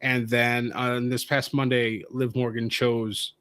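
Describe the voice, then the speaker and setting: A man's voice: mid-range voice, level tone, takes it slowly, fairly bright tone. A man co-hosting a live wrestling stream, explaining titles and matches in casual chat. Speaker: podcast co-host.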